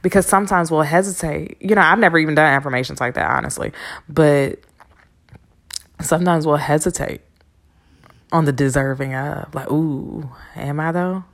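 A woman with a low, gravelly voice talks straight into her podcast mic. She rambles in a loose, casual way, swearing freely while urging her listeners on. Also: normal speed, pauses often. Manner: rambling, profane and encouraging. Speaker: podcast host. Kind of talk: casual motivational monologue. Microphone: podcast microphone.

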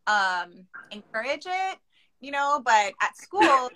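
A woman's voice: sits high, big pitch swings, takes it slowly, sharp tone, poor audio. A woman from Hawaii hosting a casual chat, explaining things with chatty asides. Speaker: host.

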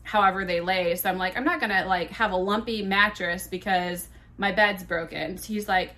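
A woman in her thirties, a podcast host, telling a candid, profane story in a casual, animated way. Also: medium pitch, brisk, few pauses.

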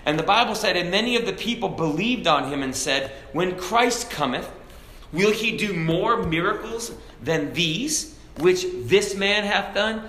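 A man preaching at a Bible study, animated, raising his voice for emphasis and reading scripture in old-fashioned wording. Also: sits high, a little slow. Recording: echoey room with faint background noise.

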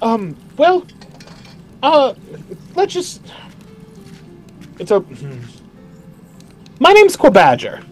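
A man's voice: extremely high pitch, huge pitch swings, extremely slow, pauses often, soft background music, voice pushed up, full character voice. A man voicing a motherly elf woman who keeps squirrels, with a hesitant, stammering manner. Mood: flustered.

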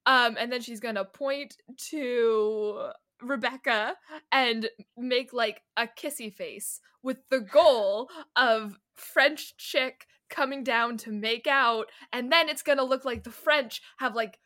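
Woman player, bright voice, slow overall, laughing a lot. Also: a little high. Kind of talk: tabletop role-play.

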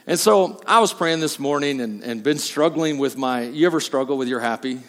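A male pastor preaching a sermon, moving from quiet asides to loud, emphatic peaks. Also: medium pitch, a little fast, in a large hall.

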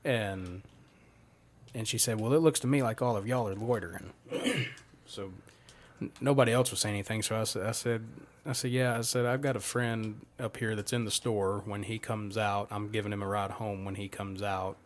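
A young man with a drawl spins a long anecdote for his friends. His voice sits slightly low. He swears casually and acts out every quoted exchange. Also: steady tone, normal speed. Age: young adult. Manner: profane, rambling anecdote with quoted dialogue. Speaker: podcast host. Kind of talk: casual storytelling among friends.

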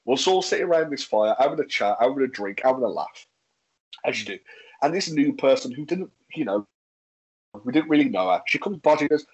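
A man's voice: medium pitch, animated, fairly quick, darkish tone, husky, rough recording. A man with a Birmingham accent chatting casually, telling stories bluntly and swearing freely. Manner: blunt and sweary, acting out quotes. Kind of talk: casual chat, storytelling.

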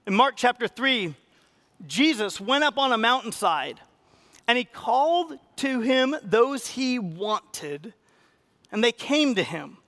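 A man preaching a sermon as pastor, animated and acting out quoted voices with sudden rises in pitch and loudness. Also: slow.

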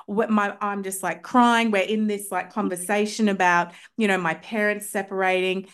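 A woman guest on a podcast recounts her experiences in an eager, chatty way. Her voice sits at a middle pitch, and her filler words tumble out between her thoughts. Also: steady tone, moderate pace, hardly any pauses, a bit bright, clear, resonant tone. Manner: enthusiastic, chatty, frequent "like" fillers. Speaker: homeopath guest. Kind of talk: casual storytelling in a podcast interview.

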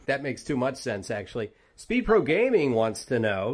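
A man's voice: medium pitch, sing-song, moderate pace. A man hosting a casual interview, chatty and joking as he reads out viewer questions. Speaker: podcast host.

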